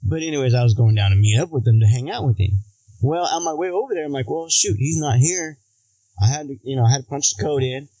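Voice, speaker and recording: A man's voice: mid-range voice, fast, dry recording, rough recording. An American man telling funny stories in casual chat, acting out quotes and laughing often. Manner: animated, acts out quotes in other voices, laughs often.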